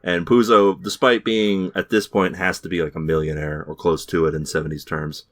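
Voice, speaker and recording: A deep-voiced man rambles through a show recap on a podcast, now and then slipping into mocking voices for the characters. His voice sits very low, and the sound is close and dry. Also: level tone, moderate pace, a bit bright, no room sound. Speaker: podcast host. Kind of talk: casual chat recapping a TV show.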